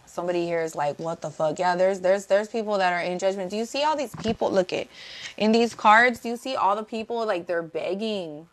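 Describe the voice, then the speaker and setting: A woman's voice: medium pitch, a little fast. A woman giving a casual tarot reading, blunt and profane, repeating herself for emphasis and greeting viewers in the chat. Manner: talks to live chat viewers. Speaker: tarot reader.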